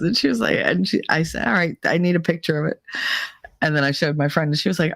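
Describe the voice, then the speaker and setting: A middle-aged woman hosting a podcast, telling a story casually, laughing often and acting out quotes in a higher voice. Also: quick pace, dry recording, studio quality. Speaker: podcast host.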